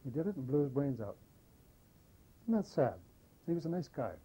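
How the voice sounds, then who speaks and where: Older man telling war stories, mellow voice. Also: fairly high pitch, moderate pace, slightly rough, low-quality recording. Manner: lively anecdotal storyteller, animates quoted dialogue. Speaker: war veteran interviewee. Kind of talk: oral history storytelling.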